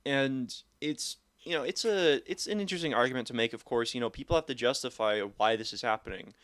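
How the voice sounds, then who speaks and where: A young man co-hosting a podcast, telling stories in casual chat with rambling, animated asides and swearing. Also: mid-range voice, brisk. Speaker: podcast co-host.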